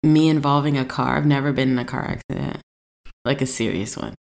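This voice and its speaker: A woman's voice: a little fast, creaky. A woman chatting casually as a co-host, telling stories with lots of laughter and swearing, her voice jumping up when she quotes herself. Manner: animated storytelling, jumps high when quoting herself; profane, laughs often. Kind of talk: casual chat.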